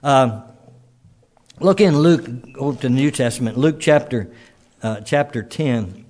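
A man preaching a sermon in a folksy, conversational way, stopping and restarting his sentences and dropping into soft asides. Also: mid-range voice, measured pace.

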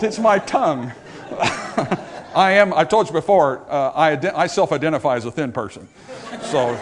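Lively joking male preacher. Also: a little high. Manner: lively, joking, asks the congregation questions. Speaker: pastor. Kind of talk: sermon.

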